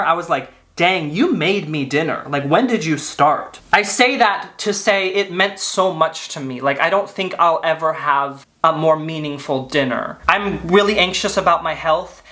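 Bright-voiced young man, wry and grieving. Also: fairly high pitch. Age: late 20s. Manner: wry, self-deprecating, drifting into earnest grief. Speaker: vlogger. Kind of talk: confessional monologue to camera. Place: at home in a living room.

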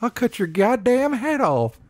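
Man doing a hillbilly bunny-suit killer, snarling threats, high pushed voice. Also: very animated, measured pace, darkish tone, no room sound, clean studio sound, exaggerated voice. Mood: menacing. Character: angry hillbilly axe-man in bunny costume.

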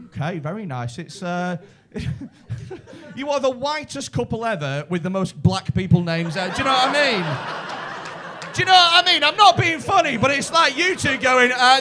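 A stand-up comedian with a Liverpool accent doing crowd work, brash, sweary and teasing. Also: male voice, sits high, sharp tone. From Liverpool, England.

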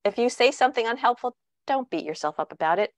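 A woman's voice: on the high side, animated, fast talker, no room sound. Woman giving parenting advice, dry sound. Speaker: parenting author and speaker. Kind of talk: online talk with Q&A.

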